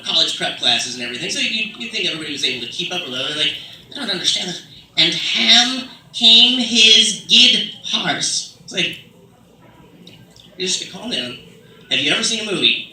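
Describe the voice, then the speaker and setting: Man, stand-up comedy, rambling with fillers, very bright tone, distant mic in an echoey room, faint ambience. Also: fairly high pitch, sing-song, fast talker, slight background noise. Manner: rambling, many fillers, slips into put-on British accents.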